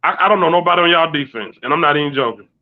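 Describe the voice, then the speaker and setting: A man co-hosts a sports show, answering rival fans with relaxed, slangy banter. His fairly high voice comes through a thin line that sounds like a phone call. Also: rapid-fire. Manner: laid-back slangy banter. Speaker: co-host. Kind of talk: casual sports talk.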